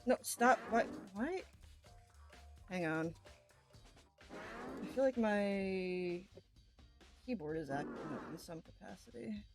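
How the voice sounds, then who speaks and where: A woman's voice: mid-range voice, expressive, slow, long pauses, soft background music. A woman from the United States streaming a game, joking, swearing and muttering to herself as she plays. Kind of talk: casual game stream chat.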